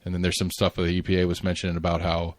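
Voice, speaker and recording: Deep voiced guy rambling on a podcast, lots of um and like, dry close mic. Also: completely flat delivery, very fast, no echo. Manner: rambling, many fillers and restarts, casual swearing. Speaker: podcast co-host. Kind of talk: casual current-affairs chat.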